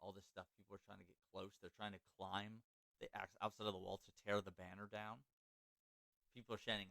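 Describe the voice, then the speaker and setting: Low smooth-voiced man telling a history story. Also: little pitch movement, fast talker, a bit bright, no room sound. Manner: loose, filler-heavy, self-correcting. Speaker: podcast host. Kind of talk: casual storytelling chat.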